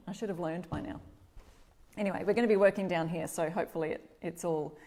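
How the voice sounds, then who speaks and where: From her home workshop, a middle-aged Australian woman hosts a relaxed DIY live stream, chatting and calling out viewers by name. She talks a little fast in a warm, fairly low voice that's slightly stuffy, with occasional throat-clearing.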